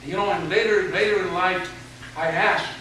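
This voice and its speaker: A man's voice: high voice, steady tone, moderate pace, pushed and bright. A man in his seventies, a retired teacher, tells a funny, folksy story to students in a speech. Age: 70s. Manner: humorous, folksy storyteller, mild swearing. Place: large hall with an audience. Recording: echoey hall recorded from far off, background noise.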